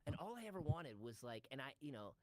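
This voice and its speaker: A man telling a long, animated story in casual chat, acting out bits of dialogue in quick voices. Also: medium pitch, background noise. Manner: animated storyteller who acts out lines in quick character voices. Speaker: show regular recalling sketch work.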